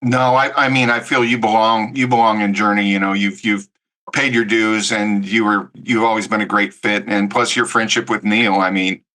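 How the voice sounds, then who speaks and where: A man's voice: on the low side, level tone, moderate pace, bright, forceful tone, rough recording. A man hosting a casual radio interview, mostly giving short affirmations and friendly questions.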